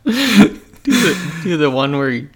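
A man co-hosting a podcast in casual chat, calmly reading a listener's email. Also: on the high side, unhurried. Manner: calm, reads listener email aloud. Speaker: podcast co-host.

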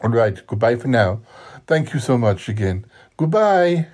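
A man's voice: medium pitch, sing-song, measured pace, a little mellow. A man voicing a clumsy, effusive scientist who stammers his thanks. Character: clumsy, grateful male scientist.

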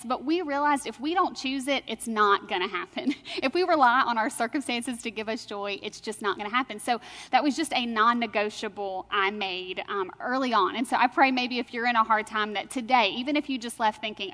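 A young adult woman sharing a church testimony with animated storytelling and frequent laughter. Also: on the high side, fairly quick, long reverb tail. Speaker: speaker sharing her testimony.

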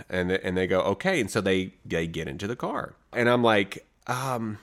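A man co-hosting a podcast, telling stories in a casual, animated way and laughing often. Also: on the low side, fairly quick, hardly any pauses. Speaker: podcast co-host. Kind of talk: casual storytelling chat.

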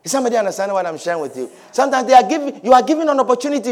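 A man preaching a sermon, repeating his points emphatically and swinging between loud declarations and hushed low lines. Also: very animated, very fast. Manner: repetitive, emphatic, swings from shouts to low murmurs.

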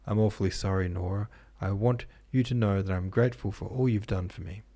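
A man reading the part of a regretful young man who speaks gravely and quietly. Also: fairly low pitch, brisk, no room sound.

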